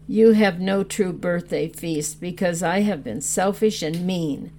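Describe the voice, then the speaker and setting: A woman's voice: on the low side, a little slow, mellow, slight background noise. A woman reading as a humble little shepherd boy. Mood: ashamed, earnest. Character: small humble shepherd boy, earnest and tender.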